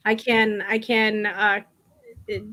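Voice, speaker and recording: A woman's voice: mid-range voice, flat delivery, slow, pushed and bright. A woman co-hosting a live podcast, chatting casually and sometimes losing her train of thought. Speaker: podcast co-host. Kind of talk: casual chat about a trivia competition.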